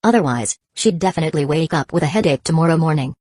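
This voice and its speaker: A woman reading the lines of a calm, considerate young man who explains things politely. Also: sits low, fast, no room sound.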